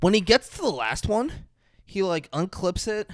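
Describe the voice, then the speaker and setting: High-voiced joking young man. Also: sing-song, no room sound, studio quality. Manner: joking, swearing, quick asides. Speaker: podcast co-host. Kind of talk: casual movie recap chat.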